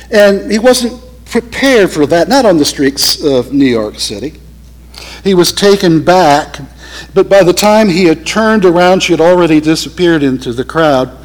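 An earnest male pastor telling a story from the pulpit, his voice sitting a bit high for a man. He slows down to lean on the key moments. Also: low-quality recording. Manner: earnest storyteller, slowing for emphasis. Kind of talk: sermon storytelling.

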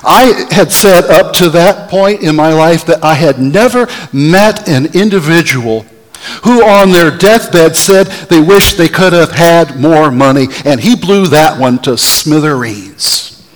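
A man preaching a sermon as a pastor, telling stories in a deliberate way and having the congregation answer back. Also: a little high, in a large hall, low-quality recording. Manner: deliberate, storytelling preacher who has the audience answer back.

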